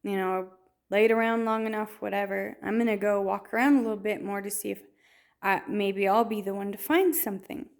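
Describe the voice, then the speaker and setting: A woman's voice: medium pitch, fairly even intonation, brisk, gravelly. A woman telling a personal faith story in a storytelling way, with many restarts and fillers. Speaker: testimony speaker.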